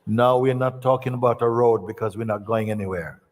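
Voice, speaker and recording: A man speaking as a spiritual teacher, giving an unhurried storytelling talk to an audience. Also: mid-range voice, in a large hall.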